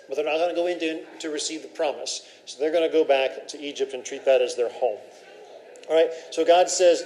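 A man's voice: fairly high pitch, a little fast, a little mellow, a little hiss or hum, low-quality recording. A man teaching a Bible class, asking questions and talking in a loose, conversational way with fillers.

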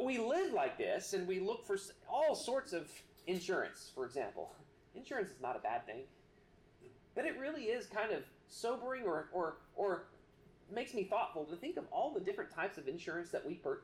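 A man preaching a sermon, earnest and halting, with many restarts. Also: high voice, roomy sound. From United States. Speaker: pastor.

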